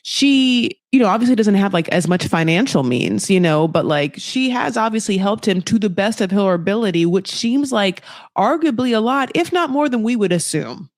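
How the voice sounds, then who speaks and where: A woman's voice: medium pitch, lively intonation, normal speed, dry recording, clean studio sound. Rambling, gossipy woman recapping reality TV. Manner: rambling, gossipy, heavy on fillers. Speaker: podcast host. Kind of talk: casual reality TV recap commentary.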